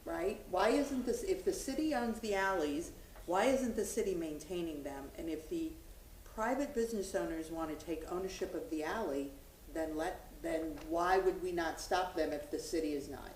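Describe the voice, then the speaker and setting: A woman's voice: on the low side, normal speed, darkish tone, echoey room, a little hiss or hum, poor audio. A woman on a city board laying out her questions firmly and holding off interruptions. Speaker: board member. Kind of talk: public meeting remarks. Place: city meeting room.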